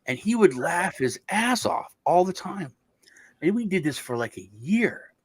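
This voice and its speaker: A man's voice: high voice, sing-song, unhurried. A man hosting a casual crypto chat show, rambling through stories with lots of fillers and restarts.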